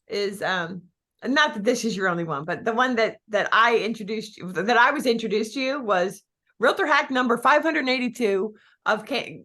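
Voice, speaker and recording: A woman coaching real estate agents in an energetic, chatty way, with many fillers and small restarts. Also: fairly high pitch. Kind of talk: coaching talk to an audience.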